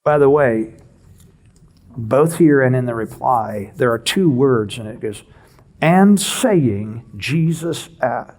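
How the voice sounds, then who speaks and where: Husky-voiced man preaching conversationally. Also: medium pitch, measured pace. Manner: animated, conversational teaching with rhetorical questions. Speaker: pastor. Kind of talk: expository sermon. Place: church.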